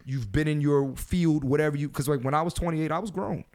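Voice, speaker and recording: Loud profane man ranting on a podcast. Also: fairly high pitch, brisk. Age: 30s. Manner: loud, profane, laughs a lot, preachy rants to "fellas". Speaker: podcast host. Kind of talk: casual chat.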